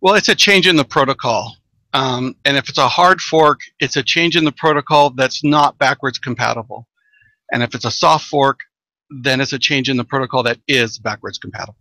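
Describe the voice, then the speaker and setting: A man's voice: mid-range voice, brisk, pushed and bright, no echo. An American man giving brief, matter-of-fact answers as a guest expert over a video call. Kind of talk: casual interview answers.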